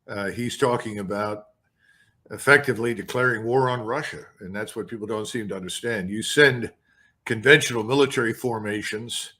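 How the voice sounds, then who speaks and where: Older man, retired colonel, blunt, emphatic, bright voice. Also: mid-range voice. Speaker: retired army colonel, guest analyst. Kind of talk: interview, commentary.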